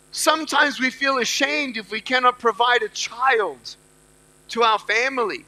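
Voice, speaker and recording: A man in his thirties giving an inspirational speech to a live audience. He talks emphatically, repeats lines to the crowd, and swings between loud bursts and hushed storytelling. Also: extremely high pitch. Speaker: motivational speaker.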